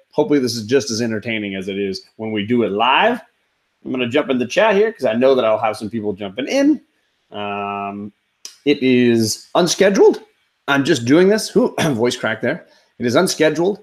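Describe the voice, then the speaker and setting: A man hosting a casual comics live stream, chatting loosely and greeting viewers in the chat. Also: medium pitch. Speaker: comics channel host.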